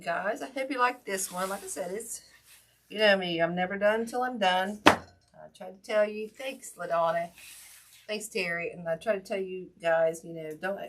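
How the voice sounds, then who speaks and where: A woman's voice: medium pitch, expressive, moderate pace, a bit bright. A woman hosting a casual wreath-making livestream, folksy and chatty with lots of ums, greeting viewers by name while her hurt hand aches.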